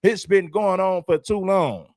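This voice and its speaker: A man hosting a commentary livestream speaks emphatically, repeating his points the way a preacher would. His voice is high, a little slow, and a little mellow, recorded at studio quality with no echo.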